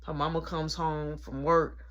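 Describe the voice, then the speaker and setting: A young man telling a personal story in a casual, animated way, acting out the people in it. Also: a little high, measured pace.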